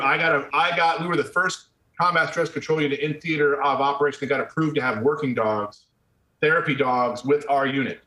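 A man's voice: mid-range voice, sharp tone. A middle-aged man, an army veteran, telling his story bluntly and conversationally in casual interview talk. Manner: blunt, conversational, drops "man" and the odd curse. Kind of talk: candid personal storytelling. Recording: roomy echo.

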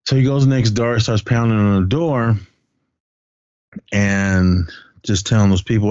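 A man hosting a podcast, casually recapping a film in animated storytelling and acting out the characters' lines. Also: lowish voice, a little slow, long pauses, clear, resonant tone, no room sound, dull audio. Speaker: podcast host.

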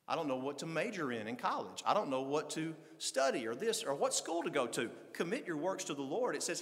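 A male pastor preaching a sermon, swinging between loud, fervent passages and low conversational asides. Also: long reverb tail.

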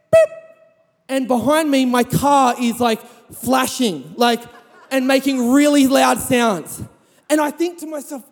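A man preaching a sermon, telling a funny personal story with lively sound effects. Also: high-pitched, big-room sound.

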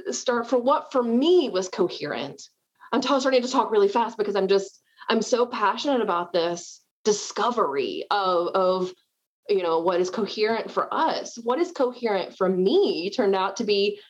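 A woman's voice: medium pitch, normal speed, slightly rough, dull audio. A middle-aged woman from the South, talking in a chatty, self-deprecating way at home. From American South. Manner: chatty, animated, self-deprecating with frequent laughs. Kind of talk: casual conversation.

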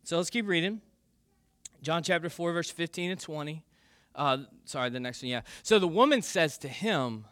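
An animated male pastor preaching with emphatic, quick turns of phrase and frequent restarts. His voice is bright and slightly high. The recording is close and dry. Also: no echo. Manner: animated, emphatic, self-correcting. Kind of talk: sermon.

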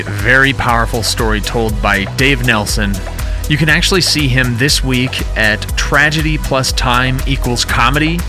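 A male podcast host from the giving casual, rambling announcements at the end of an episode. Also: medium pitch. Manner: friendly, rambling, uses fillers.

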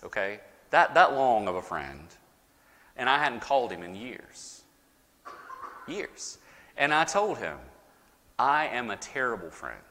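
Lively preaching man in a reverberant hall. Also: mid-range voice. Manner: lively preaching with dramatic pauses and rising emphasis. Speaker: pastor. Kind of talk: sermon.

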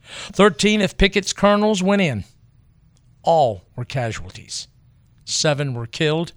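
A man giving scripted historical narration in a grave, measured way with deliberate pauses. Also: fairly high pitch, no room sound.

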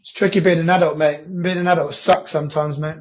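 A man co-hosting a podcast, chatting casually in a quick, rambling way and swearing freely. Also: on the high side, fairly even intonation. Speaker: podcast co-host. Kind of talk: casual chat. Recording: dull lo-fi audio.

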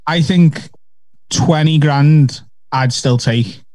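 Slow, wry male podcast host. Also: fairly high pitch, darkish tone. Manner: laid-back, wry, drawn-out phrasing. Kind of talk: casual chat.

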